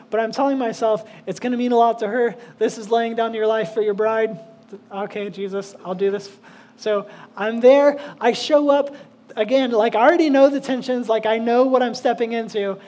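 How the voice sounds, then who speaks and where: A man's voice: very high-pitched, a little mellow, a little hiss or hum. A man, a pastor, preaching casually and telling a self-deprecating personal story with many fillers.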